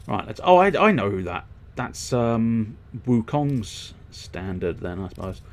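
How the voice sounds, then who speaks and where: Low-voiced man thinking aloud while gaming. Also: expressive, unhurried, a little hiss or hum. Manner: thinks aloud while customizing, rambling and swearing. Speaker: streamer. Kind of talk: casual let's-play commentary.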